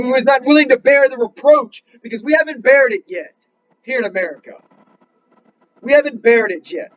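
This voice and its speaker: High-voiced man preaching urgently. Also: muffled recording, a little hiss or hum. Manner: earnest, urgent, rising to emphatic questions; reads scripture slowly in King James wording. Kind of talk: sermon.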